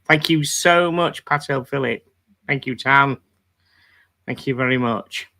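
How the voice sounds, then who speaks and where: A man with a bright, forward voice hosts a casual live stream. He chats loosely, reads out viewers' greetings and thanks them one by one. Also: medium pitch, measured pace, gravelly. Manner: chatty, reads chat greetings aloud. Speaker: livestream host.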